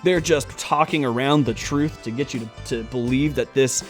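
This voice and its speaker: A man's voice: mid-range voice, moderate pace, soft background music. A man hosting a finance channel, giving heated, exasperated reaction commentary with emphatic stresses.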